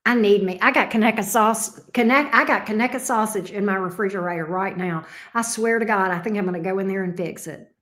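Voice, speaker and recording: A woman's voice: medium pitch, fairly quick, hardly any pauses, a bit bright. A Southern woman from Alabama hosting a live stream, chatting casually and rambling as she reacts to viewer comments. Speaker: tarot reader and live stream host.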